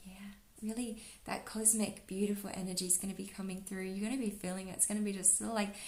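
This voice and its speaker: A woman giving a relaxed spiritual card reading, talking softly and dreamily with lots of "like" and "you know.". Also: medium pitch, fast, roomy sound. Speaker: astrology and oracle card reader.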